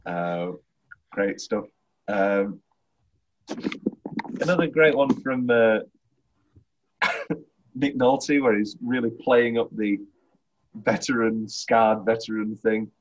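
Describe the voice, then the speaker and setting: A man's voice: lowish voice, fairly even intonation, takes it slowly, pauses often, slight background noise. A man hosting a casual chat about a comedy film, often laughing and quoting lines in put-on voices. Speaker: podcast host. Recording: dull, lo-fi sound.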